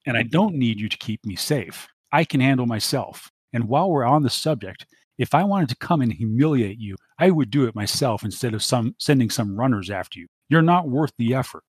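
A tough young woman police cadet, voiced by a male game master, sharp and icy. She speaks in his own range, clipped and cold. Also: on the low side, expressive, normal speed, no room sound.

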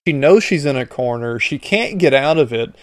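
A man's voice: mid-range voice, lively intonation, moderate pace, dry recording, clean studio sound. A man hosting a podcast, commenting bluntly and with exasperation on a hearing clip. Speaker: podcast host.

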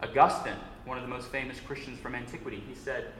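A man's voice: mid-range voice, steady tone, fast talker, fairly bright tone. A man giving a sermon as a guest preacher, telling a story in an earnest way. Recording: echoey room with faint noise.

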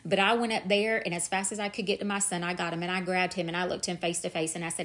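A woman's voice: medium pitch, steady tone, fast, hardly any pauses, fairly bright tone. A middle-aged woman with a drawl tells her own faith testimony for a podcast. She speaks earnestly and drives her points home with repetition. Her voice sits in an ordinary middle register. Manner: earnest, emphatic, repeats "I'm telling you". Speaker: podcast host.

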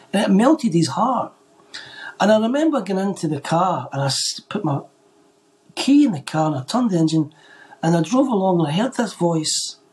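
High-voiced man telling a lively testimony. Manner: animated storyteller who acts out quoted voices. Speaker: guest. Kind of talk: telling a faith testimony in conversation.

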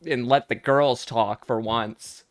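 A man's voice: on the high side, very fast, a bit bright, no room sound, clean studio sound, lightly acted. A man voicing a prissy, defiant young woman in a mock valley-girl way during podcast banter. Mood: sassy.

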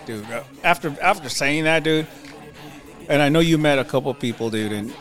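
A man's voice: a little high, unhurried. A man from San Jose co-hosting a radio show, talking in a laid-back, slangy way. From San Jose, California. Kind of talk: casual chat.

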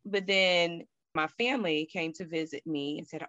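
A woman's voice: lowish voice, normal speed, hardly any pauses, sharp tone, no room sound, muffled recording. A woman guest telling a personal story candidly and animatedly, acting out her own thoughts.

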